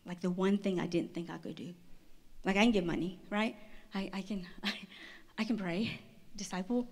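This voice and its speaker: A woman speaker giving a personal testimony talk at a women's conference, telling her story with quick restarts and laughter. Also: medium pitch, fairly even intonation, darkish tone.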